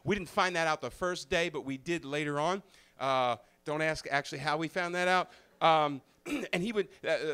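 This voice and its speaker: Performing live on stage, a male comedian recounts a personal story in a mid-range, slightly high voice at a moderate pace with a clean tone. He's animated and profane, swinging from loud, punchy bursts to quiet, confessional passages.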